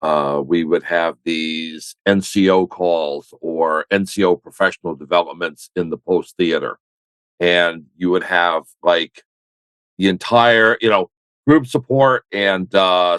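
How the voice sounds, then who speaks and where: An older man with a fairly low voice tells a meandering war story, doubling back on his words with dry humor. His voice sounds close and dry, with no room around it. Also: fairly even intonation, measured pace, a bit bright, clean tone, no room sound, poor audio. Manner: rambling, self-correcting, wry. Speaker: military veteran guest. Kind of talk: conversational storytelling.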